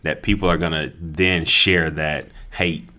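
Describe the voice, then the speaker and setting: Super deep chill guy on a podcast, laughs a lot, says yep a ton. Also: measured pace. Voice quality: very deep, relaxed voice. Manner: laid-back, laughs often, affirms with yep and yeah. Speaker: podcast co-host. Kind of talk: casual chat.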